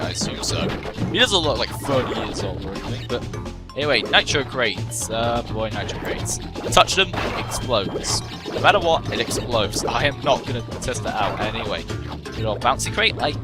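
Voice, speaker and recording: A young man giving casual let's-play commentary, full of jokes and self-mocking tangents. His mid-range voice is lively and swings up and down a lot. Game music plays steadily behind him. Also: mid-range voice. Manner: rambling, jokey, self-mocking asides. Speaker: gameplay commentator.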